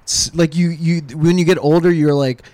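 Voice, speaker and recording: A man who does comedy, telling stories in a rambling, swearing, animated way during a casual podcast chat. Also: a little high, moderate pace. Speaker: comedian guest.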